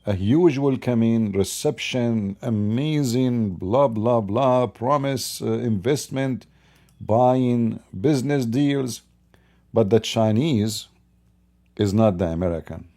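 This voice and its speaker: A man with a mid-range, dark-toned voice speaks slowly, hosting his own channel with unscripted political commentary. Talking straight into his mic, he piles up points in emphatic, repetitive lists.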